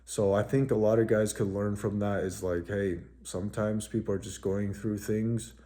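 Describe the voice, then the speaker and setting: Male vlogger, deep, relaxed tone, rambling casual monologue. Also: moderate pace. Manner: rambling, filler-heavy with frequent "like".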